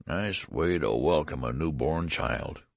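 A man's voice: a bass voice, takes it slowly, gravelly, dry recording, studio quality, heavily acted. A man voicing a frail, querulous old man with a cracked, ancient voice that whines and complains. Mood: weary complaint.

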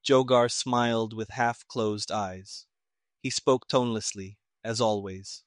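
A man reading a story aloud in measured, even audiobook narration. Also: on the low side, dry recording, clean studio sound.

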